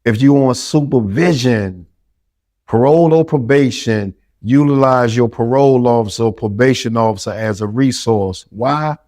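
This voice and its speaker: A man's voice: mid-range voice, moderate pace, darkish tone, no echo. A middle-aged man, giving earnest, encouraging answers as a podcast guest.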